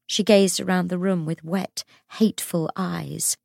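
A woman narrating an audiobook in an expressive, dramatic way. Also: on the low side, unhurried, gravelly, few pauses, no echo, clean studio sound.

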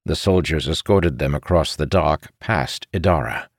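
A man narrating a fantasy story as an audiobook reader, in an expressive, dramatic way. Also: very deep voice, moderate pace, no echo, studio quality.

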